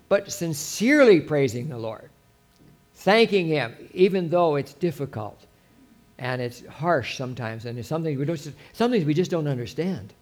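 A man preaching a sermon as a pastor, talking conversationally with anecdotes and restarts. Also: a little high.

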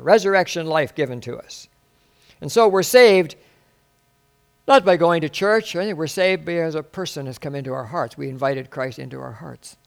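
A man's voice: high-pitched, gravelly. A man preaching a sermon as a pastor, full of exclamations and rhetorical questions.

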